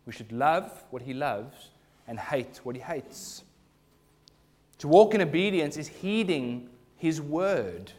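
A man's voice: fairly high pitch, very animated, slow, a little mellow. A man preaching a sermon to his congregation in church, earnest and rising to emphatic bursts. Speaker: pastor.

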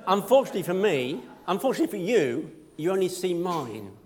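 Animated, high-voiced male preacher. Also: fast talker. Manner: conversational, self-deprecating humor. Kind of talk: sermon.

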